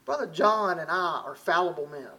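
A man's voice: on the high side, moderate pace, pushed and bright. A middle-aged man from Alabama with a Southern accent, preaching a sermon in a folksy, conversational way with frequent restarts. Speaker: visiting preacher.

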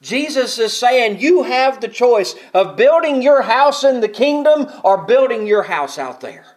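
Impassioned preacher man, high and lively. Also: measured pace. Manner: impassioned preaching, swinging from loud peaks to quiet asides. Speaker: pastor. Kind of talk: sermon.

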